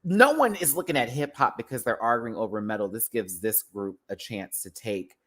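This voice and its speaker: A man ranting casually as a show reviewer, sassy and animated, laughing often and swearing freely. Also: mid-range voice, normal speed. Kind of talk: casual reaction rant.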